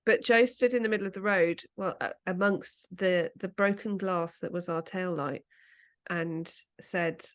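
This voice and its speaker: A middle-aged English woman with a British accent, co-hosting a podcast in casual chat and telling lively anecdotes with laughter and the odd swear word. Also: on the low side, normal speed. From England. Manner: animated storytelling, laughs and swears freely. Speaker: podcast co-host.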